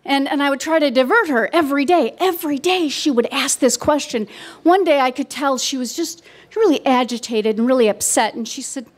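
A middle-aged woman telling a personal story on stage at a live event, warm and wry with dry humor. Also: sits high, fairly quick.

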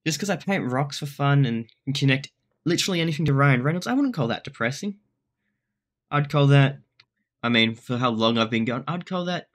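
A man's voice: mid-range voice, a bit bright. An Australian man vlogging casually in a rambling, self-deprecating way, often restarting his sentences. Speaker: YouTuber. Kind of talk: casual vlog commentary.

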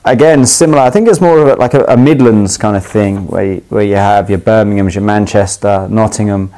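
A young man with a London accent, a footballer, casually explaining slang in a chatty, easygoing way with lots of ums and quick laughs. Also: lowish voice, low-quality recording. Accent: London English. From England. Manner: relaxed, chatty, laughs easily, many ums and restarts.

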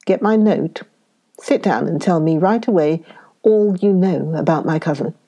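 A woman's voice: fairly low pitch, unhurried, dark tone, lo-fi sound. A woman voicing a blunt, pugnacious young American man who talks in a brash, demanding way. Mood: brusque.

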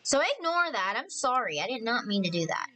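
A woman hosting a casual let's-play commentary, chatty and excitable, often apologizing and thinking aloud as she plays. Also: on the high side, fairly quick, low-quality recording. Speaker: gaming channel host.

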